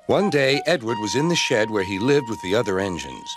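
A man narrating a children's story aloud with lively, animated storytelling. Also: lowish voice, brisk, over music.

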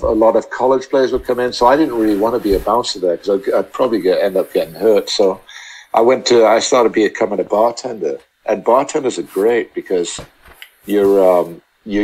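A man chatting as a podcast guest, telling long, halting anecdotes full of restarts. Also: fairly low pitch, darkish tone, low-quality recording. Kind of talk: casual storytelling chat.

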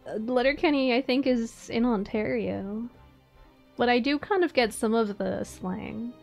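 A woman streamer from Atlantic Canada chats with her viewers in an easy, unhurried way. Her voice sits fairly high, she drops in swear words, and she laughs often. Faint music plays behind her. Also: gravelly, darkish tone. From Maritimes, Atlantic Canada. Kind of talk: casual live-stream chat.

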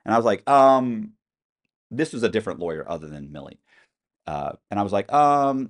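A middle-aged man telling animated stories as a podcast guest, acting out quoted voices with some swearing. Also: lowish voice, moderate pace. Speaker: interview guest. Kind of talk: storytelling in a podcast interview.

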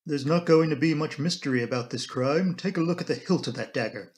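A man voicing a brisk, self-assured male police inspector in an audiobook, matter-of-fact and blunt. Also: a little high, close to an everyday voice. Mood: confident.

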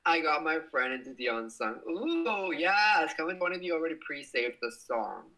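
A man's voice: on the high side, very animated, normal speed, sharp tone, rough recording. Bubbly young man chatting on a livestream. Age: young adult. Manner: bubbly, giggly, exclaims and swears playfully. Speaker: livestream host. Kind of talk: casual livestream chat reading comments.

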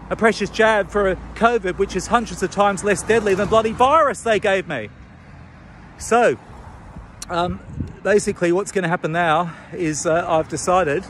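A middle-aged Australian man vlogging to camera outdoors on a city street, indignant and halting with many restarts. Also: high-pitched, fairly bright tone, slight background noise. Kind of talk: impassioned talking-to-camera vlog.

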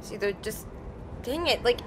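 A woman's voice: fairly high pitch, expressive, a little slow, very noisy. Emotional young woman gaming streamer. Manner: emotional, exclaiming, talking to herself. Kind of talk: let's play commentary. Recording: game music behind voice.

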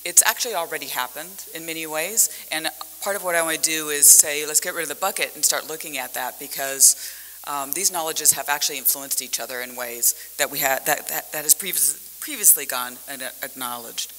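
Animated woman speaking in an echoey hall. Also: sits low, a little fast, a little hiss or hum. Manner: animated storytelling with vivid metaphors. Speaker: conference panelist, scholar. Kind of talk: conference talk. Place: conference hall.

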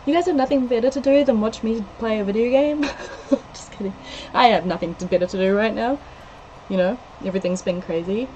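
A woman, chatting excitedly with her viewers on a live stream and reading the chat out loud. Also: mid-range voice, slight background noise, rough recording.

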